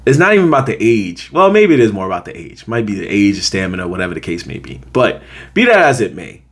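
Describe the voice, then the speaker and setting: A man's voice: lowish voice, fast. A young man hosting a casual show review, telling scenes in slang and acting out the characters' reactions. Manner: slangy, animated storytelling with voiced reactions. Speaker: show host reviewing a series.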